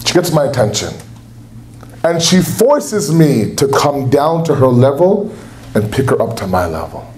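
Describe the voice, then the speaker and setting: A man's voice: mid-range voice, very animated, measured pace, a little mellow, a little hiss or hum. A young man preaching a sermon at a religious center, impassioned, acting out quotes in a raised voice. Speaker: speaker at a religious gathering. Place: lecture hall at a religious center.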